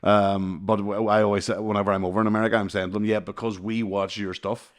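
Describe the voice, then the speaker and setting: A man's voice: on the low side, little pitch movement, fast talker. A Northern Irish man in his thirties telling stories in a casual, sweary chat, laughing often. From Northern Ireland. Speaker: podcast host.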